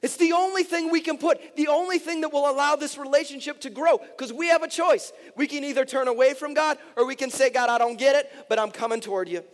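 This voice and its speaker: A middle-aged male pastor preaching a sermon, earnest and impassioned, his voice climbing high when he pleads. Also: quick pace, hardly any pauses. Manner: impassioned, rising to near-shouted pleas in emotional passages. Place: large church hall. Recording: reverberant church hall with soft music.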